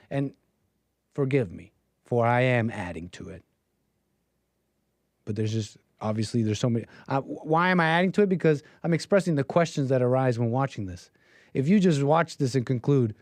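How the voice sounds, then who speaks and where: A man's voice: mid-range voice, animated, a little fast, a little mellow, no echo. A man hosting a livestream, giving opinionated, mocking political commentary. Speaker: livestream host.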